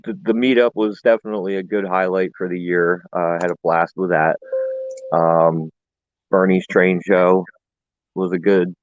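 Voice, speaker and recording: A guest on a live stream, this man talks in a relaxed way and laughs easily. His voice sits low, and his audio comes through dull and lo-fi but dry. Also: normal speed, dry recording. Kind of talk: casual chat.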